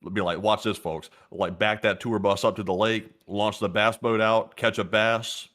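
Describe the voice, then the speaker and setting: American male co-host, lowish voice, halting and rambling, casual. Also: level tone, fairly bright tone. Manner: hesitant, rambling, full of fillers. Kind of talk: casual live Q&A chat.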